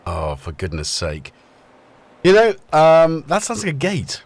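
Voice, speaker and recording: A man's voice: on the high side, huge pitch swings, unhurried, slightly rough, dry recording. A middle-aged man hosting a live stream in casual chat, greeting viewers in the chat one by one. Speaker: livestream host.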